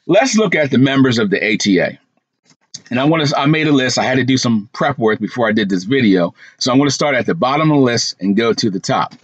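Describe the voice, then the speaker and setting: A man's voice: mid-range voice, no room sound, muffled recording. A man hosting a trucking channel, talking casually through a list from his notes with asides and fillers. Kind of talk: casual commentary vlog.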